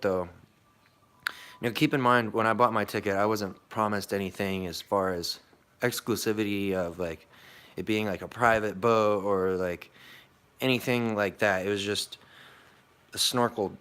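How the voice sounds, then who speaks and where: A young American vlogger tells a long story in a casual vlog, rambling and swearing with plenty of fillers and restarts. His voice is lowish and smooth, with a fairly bright tone.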